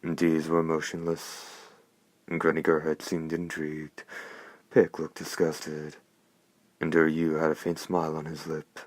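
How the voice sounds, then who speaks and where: A man narrating a novel in a measured, steady reading. His voice is extremely low and barely moves in pitch. The recording is dry and close to the mic. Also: dry recording. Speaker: audiobook narrator.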